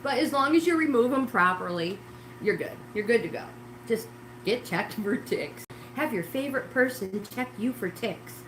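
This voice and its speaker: A woman's voice: fairly high pitch, animated, normal speed, a little hiss or hum. A middle-aged woman from New York State, chatting rambly with viewers on a livestream while she cleans her kitchen, often exclaiming to herself. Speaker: livestream host. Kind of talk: casual chat while cleaning. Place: home kitchen, indoors. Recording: roomy echoey kitchen sound.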